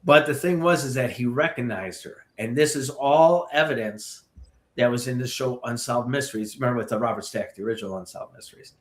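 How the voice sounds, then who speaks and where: Man, tour guide spinning a ghost tale, animated with asides, middle pitch, echoey room. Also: fairly quick. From Chicago area. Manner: animated storyteller with many asides. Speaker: paranormal tour guide, guest. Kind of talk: ghost-story telling on a podcast.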